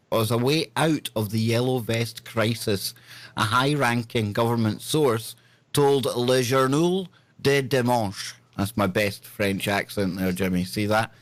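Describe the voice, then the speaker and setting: This medium-pitched male podcast host reads news stories on his talk show, tossing in joking, sarcastic asides. It's a casual news chat, recorded with no room sound.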